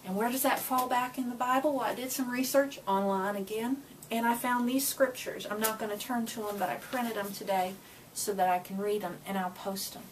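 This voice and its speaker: A woman's voice: fairly high pitch, fairly even intonation, a little fast. A woman who is a Christian vlogger, giving a casual, earnest and emotional motivational talk to the camera. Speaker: Christian vlogger sharing encouragement. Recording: voice a bit far from the mic with faint noise.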